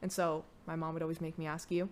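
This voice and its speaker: A woman's voice: low-pitched, level tone, quick pace. A young woman telling her own story on a podcast, candid and casual, full of "like" fillers and blunt swearing. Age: young adult. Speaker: podcast guest, host's daughter.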